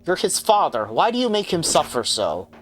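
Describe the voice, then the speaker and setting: A man's voice: on the high side, wildly swooping pitch, normal speed, voice pushed up. A man voicing a young woman heroine who pleads urgently and raises her voice, reading her game lines aloud. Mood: pleading. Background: game music.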